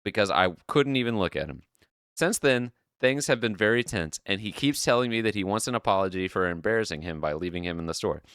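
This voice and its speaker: A man hosting a podcast, chatting casually and reading an online post aloud as an animated storyteller who swears freely. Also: on the low side, fairly quick, smooth, dry recording, clean studio sound. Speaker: podcast host.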